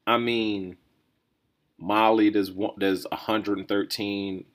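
A man hosting a solo podcast, riffing in a rambling, think-out-loud way with lots of restarts and "right?" tags. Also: on the low side, flat delivery, slow pace. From New Jersey or New York area, USA. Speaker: podcast host. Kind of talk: casual solo commentary.

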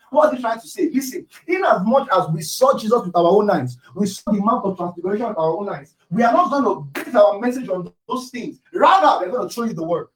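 A male preacher with a high voice delivers a forceful sermon, driving points home by repeating them and sometimes shouting. He sounds far from the microphone, and the room around him is full of echo. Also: animated, brisk, hardly any pauses. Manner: emphatic, repeats key phrases, sometimes shouts. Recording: echoey room, distant mic.

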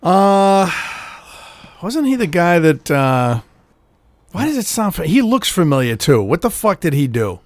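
A man's voice: high voice, big pitch swings, a little slow, no echo. A man co-hosting a podcast in casual chat, joking and swearing freely. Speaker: podcast co-host.

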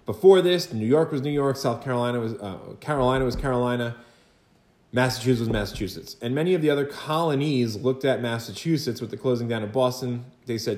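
A man's voice: mid-range voice, a little mellow, echoey room. A man teaching a history lesson in a chatty, conversational way, full of rhetorical questions and asides to his students. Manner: chatty, rhetorical asides and quick acted quotes. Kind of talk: recorded lecture for students.

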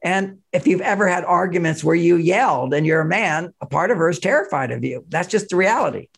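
Gravelly-voiced man giving emphatic advice. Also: high-pitched, animated, a little fast, a bit bright. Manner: emphatic, explanatory, chuckles often; married, talks of his own marriage. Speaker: relationship author, podcast guest. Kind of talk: conversational advice in an interview.

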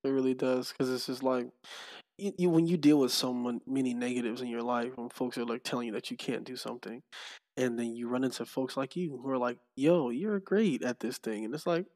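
A man telling stories as a podcast guest, animated, often breaking into laughter. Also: medium pitch, a little fast. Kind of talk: casual chat.

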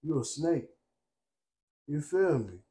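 A young man co-hosting a podcast, telling stories in a casual, profane, streetwise way and constantly asking "you know what I'm saying", getting loud and laughing when fired up. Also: a little high, sing-song, slow pace. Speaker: podcast co-host. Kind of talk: casual chat.

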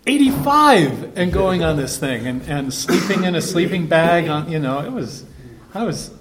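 A man, a priest, giving a relaxed conversational talk to a group at a retreat, telling stories and thinking aloud. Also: a little high, normal speed, a loud crowd. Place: meeting room with a group. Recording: echoey room, faint background hum.

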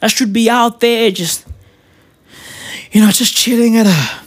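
A woman's voice: on the high side, a little slow. A young woman from Africa, delivering a profane comedic rant that keeps tossing in "right?". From South Africa.

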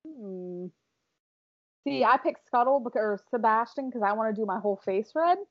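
A young woman co-hosting a casual makeup chat, excitable and bubbly, on a dull lo-fi recording. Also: fairly high pitch. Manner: excitable, bubbly, quick to laugh. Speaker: co-host.

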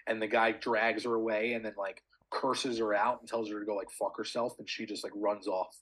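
A man's voice: lowish voice, level tone, normal speed, a bit bright, slightly rough, low-quality recording. A young man co-hosting a podcast, telling a story in casual chat, swearing a lot with many fillers. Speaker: podcast co-host.

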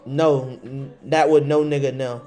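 A young man in casual chat, slangy and argumentative, quick to push back. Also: medium pitch, fairly even intonation, dark tone.

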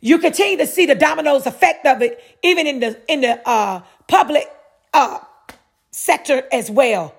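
A woman's voice: high voice, moderate pace. A middle-aged woman hosting her own podcast, talking in a preachy monologue and answering her own rhetorical questions again and again. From North Carolina, USA. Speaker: podcast host.

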